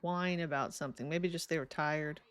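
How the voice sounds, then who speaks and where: A woman's voice: low voice, fairly even intonation, moderate pace. A young woman streaming a life-sim game, chatting casually and giggling as she talks to her characters, sleepy and yawning. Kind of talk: casual live game commentary.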